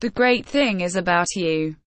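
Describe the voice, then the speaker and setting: A woman voicing a pale, resolute young woman in an audiobook, speaking in a clear and firm way. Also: lowish voice, a little slow, dry recording, natural voice.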